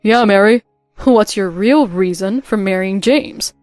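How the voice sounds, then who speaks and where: A woman voicing angry grown men of a family, a son and a father, in a narrated drama story, with a shouting, confrontational delivery. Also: medium pitch, measured pace, dry recording, faint music behind, natural voice.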